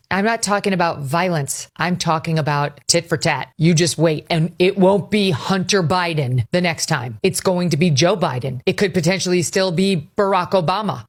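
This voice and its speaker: A female commentator sounding angry and warning. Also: on the low side.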